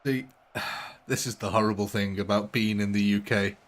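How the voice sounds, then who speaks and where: A man's voice: lowish voice, steady tone, moderate pace, a bit bright. A man chatting casually while live-streaming a game late at night, chuckling often. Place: home at night.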